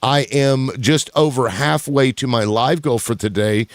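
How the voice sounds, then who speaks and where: A man hosting a live political panel, calmly repeating "okay" to settle arguing speakers. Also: mid-range voice, unhurried, dry recording, studio quality. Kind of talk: live-stream panel moderating.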